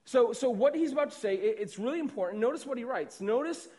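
A man's voice: very high-pitched, animated, fast, darkish tone. A young adult man preaching a sermon as a pastor, in a conversational way that often checks in with "right?" and repeats words.

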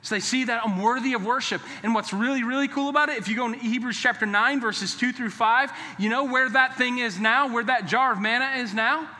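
A pastor preaching a sermon in a church, emphatic and conversational, sometimes dropping to a hushed, earnest tone. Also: male voice, extremely high pitch, a little fast, few pauses. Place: church sanctuary. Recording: long hall reverb.

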